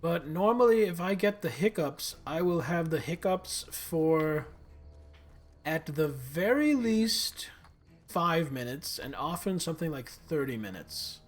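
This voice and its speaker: A man's voice: on the high side, very animated, unhurried. A male streamer giving casual, rambling commentary while playing a game live. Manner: chatty, rambling aside to viewers.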